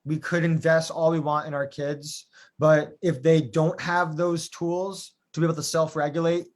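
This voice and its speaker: A man's voice: fairly high pitch, little pitch movement, moderate pace. A man hosting a live talk show and sharing his own strong opinions with emphasis. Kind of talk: conversational interview.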